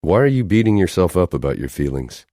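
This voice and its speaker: A man voicing a hard, brooding male agent in an audiobook, blunt and needling in a low, controlled voice. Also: big pitch swings, fairly quick, warm tone, dry recording, clean studio sound.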